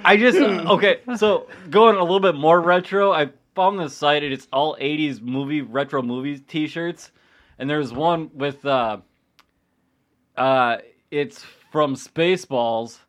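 Male podcast co-host, slightly high-pitched, playful and ribbing. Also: measured pace. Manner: teasing, chatty. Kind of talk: casual sports podcast chat.

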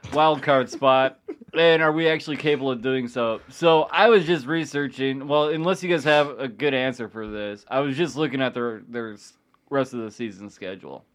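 Male podcast co-host, slightly high-pitched, playful and ribbing. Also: normal speed, a bit bright. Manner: teasing, chatty. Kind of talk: casual sports podcast chat.

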